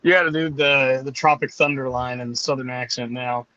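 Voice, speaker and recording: A man's voice: medium pitch, steady tone, a little fast, sharp tone, no echo, lo-fi sound. A young man calling in from a campsite, chatting easily, swearing casually and laughing at his own jokes. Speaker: guest on a call. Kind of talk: casual chat. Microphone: online call.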